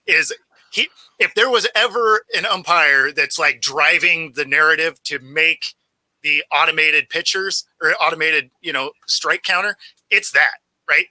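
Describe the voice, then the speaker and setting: A man co-hosting a sports talk show, lively and quick to laugh in a casual chat. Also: on the high side, no echo, low-quality recording.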